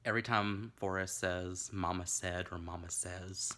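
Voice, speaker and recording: A man's voice: low voice, steady tone, a little slow, sharp tone. A man from Tennessee, hosting a camp, rambling, crude comic drinking-game video from his bedroom. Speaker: vlog host. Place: bedroom at home.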